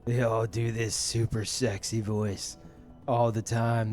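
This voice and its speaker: A man streamer chatting casually to his viewers, rambling with lots of fillers and restarts, soft music behind him. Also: fairly low pitch, flat delivery, takes it slowly.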